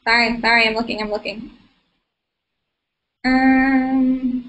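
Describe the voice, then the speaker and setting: A young woman hosting a casual live Q&A, chatty and full of fillers, on a low-quality stream recording. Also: a little slow, fairly bright tone, highs cut off. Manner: chatty, filler-heavy, giggly. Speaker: livestream host.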